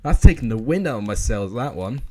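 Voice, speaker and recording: A young man commentating football games live for viewers, excitable and out of breath. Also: medium pitch, a little fast. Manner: shouts and laughs at goals, chats with viewers.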